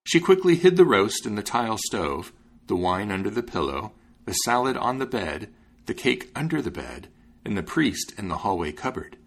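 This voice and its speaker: A man reading a fairy tale aloud, lively and expressive, acting out the voices. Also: fairly low pitch, moderate pace, breathy edge. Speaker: storyteller.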